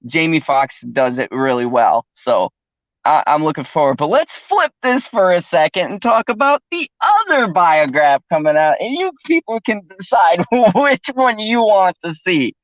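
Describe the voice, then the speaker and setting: A man's voice: sits high, very animated, moderate pace, dry recording. A man hosting a casual podcast chat, laughing often and cursing freely. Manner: laughs often, loose and profane. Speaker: host. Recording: dull, dry lo-fi recording.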